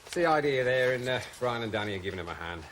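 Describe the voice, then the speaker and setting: An actor doing a seasoned sergeant from an old tv police drama. he's dry and matter-of-fact, with a voice that rises and falls a lot. clear hiss from the old soundtrack sits behind him. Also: mid-range voice, animated, fast, a bit bright, close to an everyday voice. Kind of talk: 1980s television police drama.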